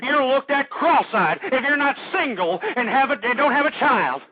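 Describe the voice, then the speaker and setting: Male radio host, high pitched, agitated ranting monologue, lo-fi radio sound. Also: expressive, moderate pace, no echo. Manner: ranting, agitated, shouting at times. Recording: dull lo-fi dry radio recording.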